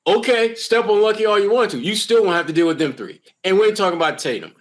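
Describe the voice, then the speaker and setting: A man co-hosting a sports podcast, talking in an emphatic, animated, slangy way in casual chat. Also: sits high, fast talker. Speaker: podcast co-host.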